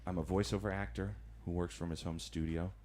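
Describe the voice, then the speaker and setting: A man's voice: low voice, steady tone, brisk, darkish tone. A man doing stand-up comedy, telling chatty stories, laughing at his own jokes and acting out voices.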